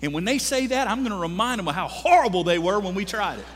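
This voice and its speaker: A lively, high-pitched man preaches in a big church, his voice ringing with a long reverb off the hall. He is in his thirties, animated and joking, and keeps calling out to the congregation for an answer. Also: fast, a little hiss or hum. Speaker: pastor. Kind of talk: sermon.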